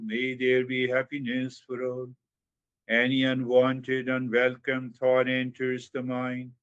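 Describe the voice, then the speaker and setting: A man giving a spiritual talk on meditation, speaking slowly with drawn-out, repeated phrases and sudden emphatic rises. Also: medium pitch, a bit bright, clear, resonant tone, lo-fi sound. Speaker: meditation teacher.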